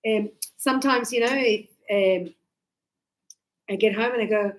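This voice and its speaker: A woman's voice: mid-range voice, unhurried, pauses often, low-quality recording. A woman teaching English in a casual, chatty way, acting out everyday scenes and filling gaps with little sound effects.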